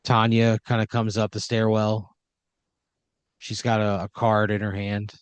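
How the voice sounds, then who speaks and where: A man narrating an improvised comedy story as game master, deadpan and laid-back with lots of filler words. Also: lowish voice, measured pace, clear, resonant tone, dry recording.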